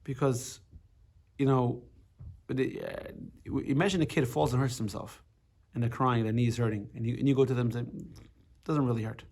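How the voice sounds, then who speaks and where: A man's voice: medium pitch, steady tone, moderate pace, darkish tone, slightly rough. A man teaching a casual class on a religious text, explaining with everyday examples, often restarting and repeating words.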